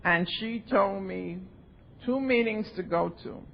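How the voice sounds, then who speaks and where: A woman's voice: slow, vocal fry. An older woman speaking at a recovery convention, telling her story with animation and acting out the voices of others, on a dull old tape. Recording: dull lo-fi tape with faint rumble.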